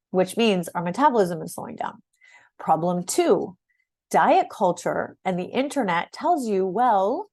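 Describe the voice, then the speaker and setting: A woman's voice: on the low side, darkish tone. Chatty middle-aged woman fitness coach. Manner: conversational, repeats words, asks "right?" and "okay?" often. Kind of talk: direct-to-camera program overview.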